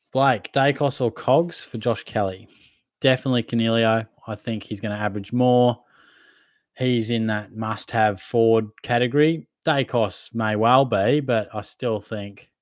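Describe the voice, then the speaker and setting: A man's voice: mid-range voice, no echo. Casual Australian man answering questions. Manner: casual, matey, conversational, hedging fillers. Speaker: fantasy football podcast host. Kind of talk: live Q&A, reading and answering viewer questions.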